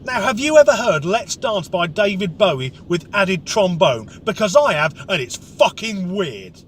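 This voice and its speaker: A man's voice: sits high, sing-song, a little slow, a little hiss or hum. A man telling a comic rant story, sweary, sarcastic and exasperated. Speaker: comedic vlogger.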